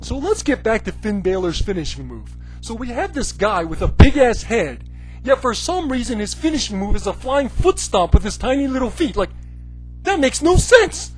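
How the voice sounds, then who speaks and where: Sarcastic man ranting with lively pitch. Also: low-quality recording. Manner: animated, sarcastic, full of "you know, like". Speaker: wrestling commentary video host. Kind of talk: comedic rant.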